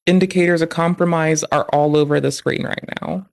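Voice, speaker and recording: A man's voice: a little high, fairly even intonation, a little fast, vocal fry, no echo, clean studio sound. A man on a live stream reading through malware code, ranting with sarcastic, profane commentary.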